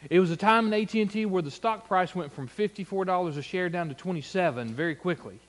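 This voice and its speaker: A middle-aged man with a high-pitched voice preaches quickly, weaving folksy, humorous stories into his sermon. He acts out the quoted lines in those tales.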